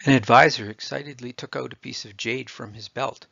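A man reads a storybook aloud in a steady, expressive way. His voice is deeply gravelly and husky. The recording is dry and a little dull. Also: fairly quick, hardly any pauses, no room sound. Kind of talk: scripted storybook narration.

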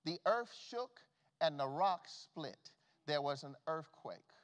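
A man preaching a sermon as pastor, swinging from loud calls to hushed, folksy asides. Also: fairly high pitch, expressive, takes it slowly. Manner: preaching with big swings from shouts to hushed tones. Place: church sanctuary. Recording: long reverb of a church hall.

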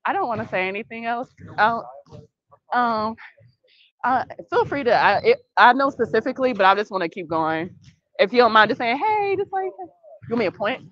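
A woman coaching a youth basketball practice, calling brisk directions and praise and gently correcting the kids. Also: fairly high pitch, very animated, dry recording. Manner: brisk, directive calls and encouragement; patient, gentle correction of the group. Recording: dull, dry lo-fi sound.

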